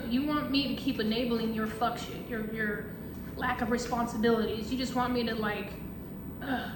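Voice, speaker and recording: Brief: high-voiced woman, tarot reader, blunt and profane, echoey room. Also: moderate pace. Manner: blunt, profane, animated storytelling. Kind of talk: casual profane monologue. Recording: echoey room with faint noise.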